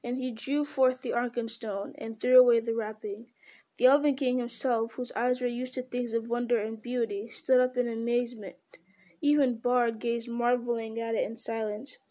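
A woman reading a storybook aloud in a steady, unhurried way, now and then stumbling on a word. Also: fairly high pitch. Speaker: reader.

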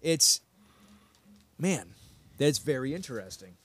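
A man hosting a casual podcast, relaxed and easygoing, often laughing as he chats. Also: mid-range voice, slow pace. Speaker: podcast host.

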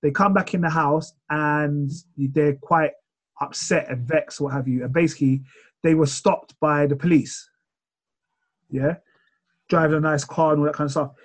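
A man chatting casually on a podcast, retelling a show in a rambling, animated way. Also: a little high, normal speed.

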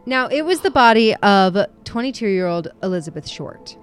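Woman, podcast co-host, chatty and self-deprecating, quick to laugh. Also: medium pitch, expressive, smooth, soft background music. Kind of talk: casual true-crime podcast chat.

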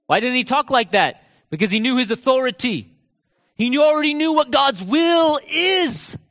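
A man with a notably high voice preaches a sermon, firing off rhetorical questions and pressing each point hard. Now and then he sinks to a low, quiet aside. His voice rings through the long echo of a large church hall.

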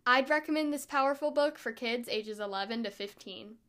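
A woman reviewing a book with a bright, enthusiastic, expressive delivery, hosting her own show. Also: a little high, fairly quick, slight background noise.

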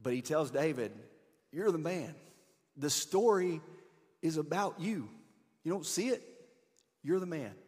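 A man's voice: fairly high pitch, unhurried, pauses often. Man preaching in a reverberant hall. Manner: conversational, animated, swings between emphatic and hushed. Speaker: pastor. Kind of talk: sermon.

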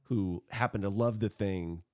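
A man hosting a church podcast in casual chat, chatty and rambling, quick to laugh. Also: fairly low pitch. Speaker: podcast host.

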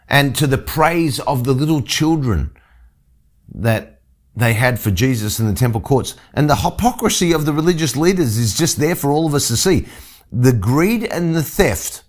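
Man preaching an expository sermon. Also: mid-range voice. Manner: expository, reads scripture then explains. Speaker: pastor. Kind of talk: sermon teaching.

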